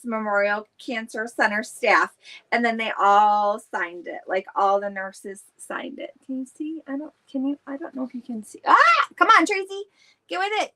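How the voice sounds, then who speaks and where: A woman's voice: high-pitched, pushed and bright. A middle-aged woman, chatting on a live stream, rambling with many fillers and restarts as she greets viewers. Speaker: direct seller hosting a weekly live stream.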